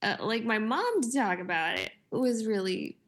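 A woman's voice: on the high side, very animated, moderate pace. A woman in her forties in casual conversation, telling stories with lots of fillers and laughter. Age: 40s. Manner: chatty, laughing storyteller with many fillers. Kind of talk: casual chat.

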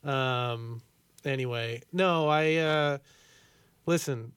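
A man's voice: medium pitch, very slow, smooth, dry recording. Joking podcast host man, dry close sound. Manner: joking deadpan, rambling with fillers. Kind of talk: casual podcast chat.

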